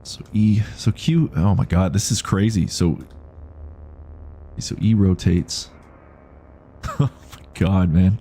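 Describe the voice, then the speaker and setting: Gravelly deep Canadian streamer. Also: male voice, slow pace, long pauses, mellow, slight background noise. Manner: chatty, thinking aloud, reading prompts. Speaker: game streamer. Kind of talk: live gameplay commentary.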